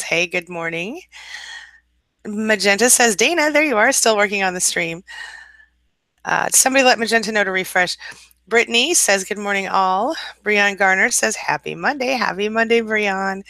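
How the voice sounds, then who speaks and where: Female live-stream coach, early-morning tired, laughs a lot, bright crisp voice. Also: mid-range voice, no echo. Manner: chatty, laughs often, greets viewers warmly by name; soft, reassuring advice. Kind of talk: casual live-stream chat reading viewer comments.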